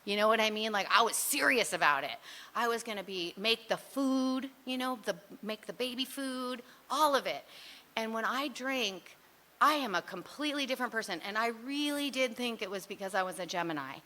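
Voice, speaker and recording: A woman with a bright, forward voice tells her own story to a recovery group. She talks candidly and in a rambling way, pokes fun at her old self, and fills her talk with "you know" and "like". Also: a little high, expressive, normal speed. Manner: frequent fillers like "you know" and "like". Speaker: speaker sharing at a recovery meeting.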